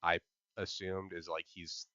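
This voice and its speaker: A man with a very low voice and a bright, forceful edge talks loosely through an anime recap, leaning on filler words. His dry, close, somewhat dull podcast mic gives it a lo-fi sound. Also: flat delivery, a little slow, smooth, dry recording. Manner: loose and explanatory, many "like" fillers, laughs easily. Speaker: podcast co-host. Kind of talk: casual anime recap chat.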